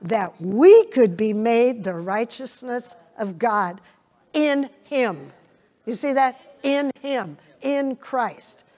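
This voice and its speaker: A woman's voice: fairly high pitch, expressive, slow pace, darkish tone. An older woman preaching a sermon in a folksy way, chuckling often and repeating scripture lines with emphasis.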